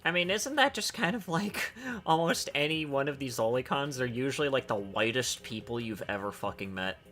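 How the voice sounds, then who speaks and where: A man's voice: medium pitch, expressive, normal speed, fairly bright tone, faint music behind. A man co-hosting a stream, joking crudely and sarcastically in casual chat. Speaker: stream co-host.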